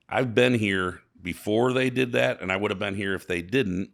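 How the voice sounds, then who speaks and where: Gravelly low-voiced St. man. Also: fairly bright tone. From St. Louis, USA. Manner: halting, repeats words, emotional and earnest. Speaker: business owner guest. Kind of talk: casual interview.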